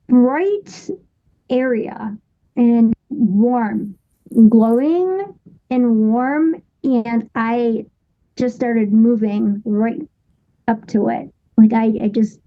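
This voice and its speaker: A woman in her thirties, a guest on an interview show, telling a personal story in a halting way with many restarts and fillers. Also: a little high, phone-quality sound.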